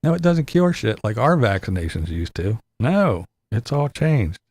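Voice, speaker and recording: A man's voice: mid-range voice, big pitch swings, normal speed, a little mellow, husky, dry recording. An older man with grandkids, cursing and laughing through a sarcastic rant in his vlog. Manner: profane, sarcastic, laughing often. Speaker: vlogger. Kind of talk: ranting monologue.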